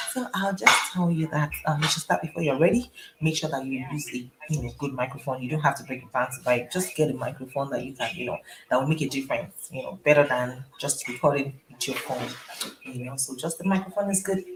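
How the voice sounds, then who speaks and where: A woman's voice: low voice, noisy background. A young woman chatting on a live stream from home at night, greeting viewers by name in a casual way. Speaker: YouTuber hosting a live stream. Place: home at night, family watching a movie nearby. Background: movie sound and music.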